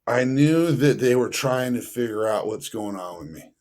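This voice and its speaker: A man's voice: mid-range voice, expressive, moderate pace, a little mellow. Rambling man telling a story. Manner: loose and rambling, peppered with fillers; acts out other people's voices in his stories. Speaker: podcast guest. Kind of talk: casual storytelling.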